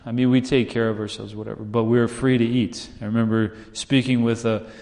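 A man's voice: medium pitch, level tone, brisk, a little mellow. Man, pastor, casual sermon, acts out quotes, long hall reverb. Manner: conversational, asks "right?" often, acts out quoted voices.

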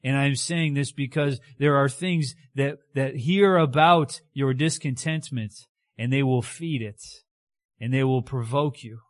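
A man preaching a conversational, animated sermon who keeps checking in with his listeners. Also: mid-range voice, unhurried, no echo, clean studio sound.

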